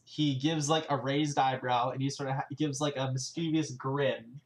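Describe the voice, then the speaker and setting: A man's voice: medium pitch, steady tone, normal speed. A man narrating a live-streamed tabletop game as game master, in a loose style full of fillers and restarts.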